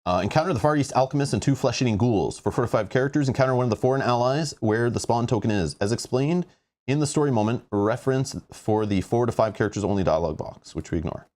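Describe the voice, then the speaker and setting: A man's voice: mid-range voice, expressive, fast, a little mellow. A man hosting a board game playthrough, reading rules aloud and rambling with exasperation about them. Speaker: host playing a board game.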